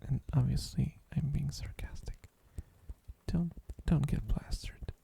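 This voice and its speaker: A man rambling in soft-spoken ASMR style, drowsy and meandering, often dropping into a whisper on a close microphone. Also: mid-range voice, fairly even intonation, slow, vocal fry. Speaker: ASMR streamer.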